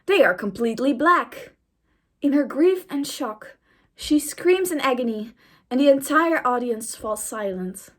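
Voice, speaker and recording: A woman's voice: high voice, expressive, measured pace. A young woman and YouTuber reading an AI-written story aloud in a casual, amused way.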